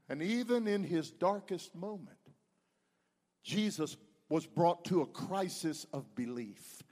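A man with a high voice preaches a sermon, his delivery swinging from loud bursts to hushed tones. The sound rings with a long reverb from a church sanctuary. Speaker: pastor.

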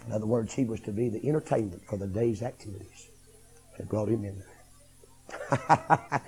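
A middle-aged man preaching a revival sermon, swinging from hushed tones to shouting. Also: on the low side, moderate pace, long pauses, breathy edge, rough recording.

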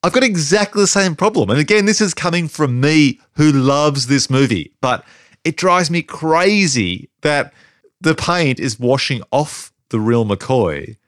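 A man's voice: fairly high pitch, animated, measured pace, fairly bright tone, no room sound, studio quality. A man co-hosting a podcast, chatting casually and animatedly about a film, laughing often as he thinks aloud. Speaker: podcast co-host.

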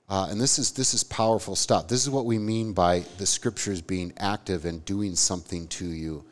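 Deep-voiced man, earnest live podcast talk. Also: moderate pace, hardly any pauses. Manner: earnest, emphatic, conversational with frequent "right?". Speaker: podcast co-host, theology teacher. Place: live event before an audience.

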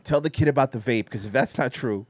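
A man's voice: medium pitch, fast, no echo. A man co-hosting a podcast, joking in profane, teasing banter. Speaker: podcast co-host. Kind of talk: casual comedic banter.

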